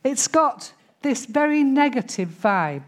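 A woman's voice: high-pitched, very animated, takes it slowly. A middle-aged woman preaching a sermon in church, talking to the congregation in a conversational way and now and then mimicking grumbling voices.

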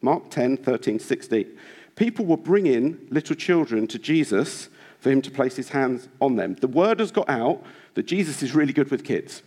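A man's voice: medium pitch, animated, normal speed, warm tone. A man preaching a sermon in church, earnest and exhorting, with many rhetorical questions. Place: church hall.

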